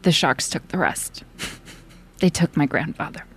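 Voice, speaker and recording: A woman's voice: deep voice, measured pace, slightly rough, pitched below the performer's own voice. A woman voicing an adult woman survivor who tells her shark story in a mock-dramatic New York accent. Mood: mock-grave. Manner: mock-dramatic, stifling giggles. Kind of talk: reading a film monologue aloud.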